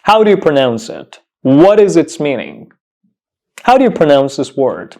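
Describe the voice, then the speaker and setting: Male English teacher, lively pitch, repeats words slowly and clearly, pronunciation lesson.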